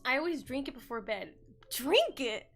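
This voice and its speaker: A woman's voice: sits high, very animated, normal speed, fairly bright tone, faint music behind. A young woman streaming a co-working session, chatting casually and giggling often as she reads and answers chat.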